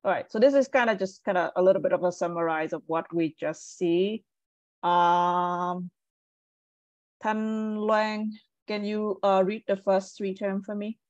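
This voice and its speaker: A woman's voice: medium pitch, steady tone, a little slow, a little mellow, no echo. A woman teaching medical English on a video call, patiently correcting pronunciation and praising students. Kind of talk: online class instruction. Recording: muffled dry video call audio.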